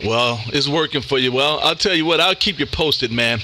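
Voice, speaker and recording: Hosting a ham radio live stream, a man chats in an upbeat, casual on-air way and calls everyone "man." His voice sits fairly high and moves at a normal speed, with a lot of noise in the recording.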